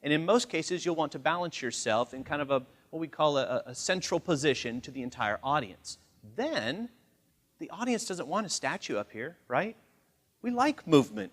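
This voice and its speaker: Lively guy running a training seminar, voice jumps up and down, kinda high. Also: brisk. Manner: animated, acts out quoted voices. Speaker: communication trainer. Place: large training room.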